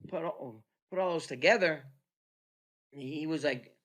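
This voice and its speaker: American guy in his 50s, podcast guest, rambles through stories, voice a touch high. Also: a little slow, a bit bright. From United States. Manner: rambling storyteller, repeats "you know what I mean", acts out quotes. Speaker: guest, former boxer. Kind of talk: casual podcast chat.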